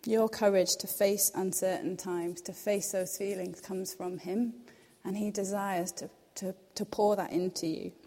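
A young adult woman giving an earnest, reassuring devotional talk, reading scripture in a softer voice. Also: mid-range voice, fairly even intonation, measured pace. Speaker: devotional speaker. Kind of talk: devotional teaching. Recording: long hall reverb.

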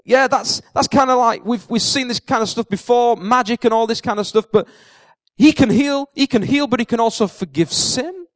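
A man with a very high voice preaches a lively sermon and tells the story vividly, acting out what the characters say and repeating key lines for emphasis. The sound is dry and close, with no room echo. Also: brisk, hardly any pauses. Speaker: pastor.

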